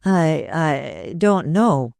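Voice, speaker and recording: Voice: mid-range voice, moderate pace, a little mellow, no echo, studio quality, close to an everyday voice. A narrator voicing an agitated young male violinist who stammers and speaks with passion.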